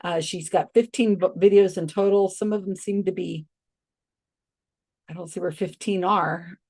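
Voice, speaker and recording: A woman hosting a reaction channel, casually and skeptically commenting on a video she has paused. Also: fairly low pitch, fairly even intonation, darkish tone, slightly rough.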